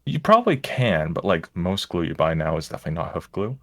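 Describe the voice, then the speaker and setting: A man's voice: sits low, very animated, quick pace, no echo, clean studio sound. A man, a stream guest, telling stories in casual chat, rambling and self-mocking with frequent restarts.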